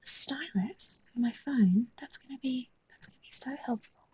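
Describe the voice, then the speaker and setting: A woman's voice: sits high, normal speed, dark tone, husky, low-quality recording. A woman with a London accent, chatting casually on a live stream while she draws, joking, swearing and reading chat aloud.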